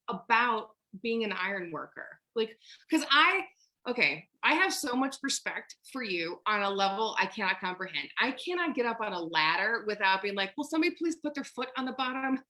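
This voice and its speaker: A woman's voice: a little high, bright, forceful tone. A woman hosting a video-call interview, bubbly and gushing, laughing a lot. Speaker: host. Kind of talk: casual interview over video.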